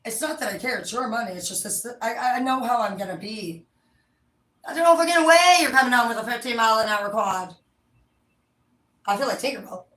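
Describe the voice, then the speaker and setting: A woman's voice: fairly high pitch, brisk, sharp tone. Profane rambling woman in an echoey room. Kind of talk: casual rambling storytelling. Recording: echoey room, mic at a distance.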